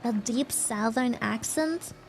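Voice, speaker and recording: Woman, German accent, high voice, giggly, swears casually, streamer chat, faint music behind. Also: takes it slowly. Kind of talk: casual chat reacting to videos.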